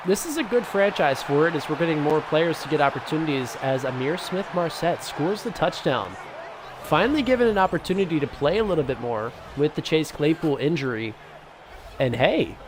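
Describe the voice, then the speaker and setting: Excitable young man commenting on gameplay. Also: on the high side, moderate pace. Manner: excitable, swings between hype and grumbling. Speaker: gaming YouTuber. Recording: noisy background.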